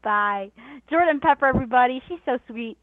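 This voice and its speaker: A woman's voice: high-pitched, fairly quick, no room sound. A young woman in her twenties hosting a radio call-in show, bubbly and gushing, laughing often. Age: 20s. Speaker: host. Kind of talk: casual radio call-in chat. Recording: dry, phone-like radio sound.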